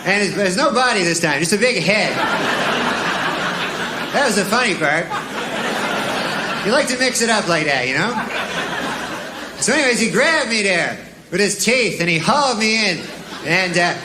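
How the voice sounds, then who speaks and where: Deadpan drawling male comedian. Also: sits high, moderate pace, pauses often, a loud crowd. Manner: deadpan, drawling, wry asides. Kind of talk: stand-up and mock news delivery. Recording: old TV audio with audience laughter and hiss.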